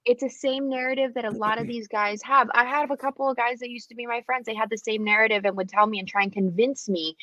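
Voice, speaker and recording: A woman's voice: on the high side, fairly even intonation, fast talker, hardly any pauses, sharp tone. A blunt, emphatic woman in a casual podcast talk. The recording sounds dull and a bit lo-fi. It is dry, with no room echo. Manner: blunt, emphatic, speaks from a woman's point of view.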